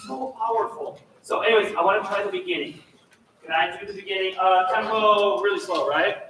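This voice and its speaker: A man directing a choir rehearsal, giving energetic coaching instructions and demonstrations to the singers. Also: sits high, a little fast, slight background noise. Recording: echoey room, mic far off, faint ambience.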